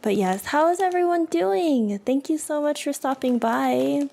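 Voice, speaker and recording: Young woman, higher voice, slow unhurried talk, casual streaming chat, giggly. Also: vocal fry, mellow. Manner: chatty, giggly, talks to chat and her dogs. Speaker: vtuber streamer.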